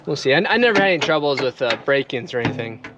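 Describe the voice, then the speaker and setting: Talking quickly and expressively in a mid-range voice, a young Midwestern man, possibly from Minnesota, walks through his boat setup for a vlog. He rambles, laughs often, and fills gaps with fillers while moving around outdoors. The audio has its highs cut off, background noise is clear, and the boat-mounted camera catches him at varying distances.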